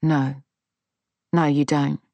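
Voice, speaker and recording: A woman voicing a calm, cold young woman who speaks in a clipped, low, soft voice, sometimes whispering. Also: slow pace, no echo.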